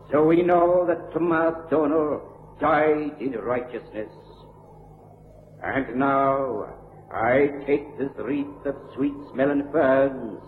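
An actor playing a solemn village priest speaking over a grave at sea, in old-time radio drama, on an echoey, tinny old recording. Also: male voice, fairly high pitch, slight background noise.

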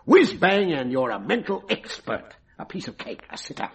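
An actor playing a breezy, wheedling stage mind-reader who talks in slang, in a vintage radio drama. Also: male voice, fairly high pitch, huge pitch swings, normal speed, vocal fry, slightly rough, heavily acted. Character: brash cockney male stage mind-reader.

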